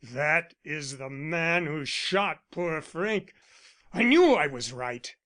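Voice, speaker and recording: A man's voice: fairly high pitch, animated, slow pace, fairly bright tone. A man reading the part of an agitated young man, fierce and suspicious, in an audiobook. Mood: brooding. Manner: agitated, accusing.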